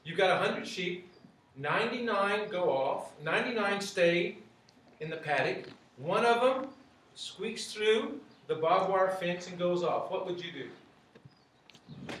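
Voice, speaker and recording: A man's voice: high-pitched, fairly bright tone, a little hiss or hum. A man teaching a group, asking many rhetorical questions and repeating phrases. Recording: very echoey, from far off.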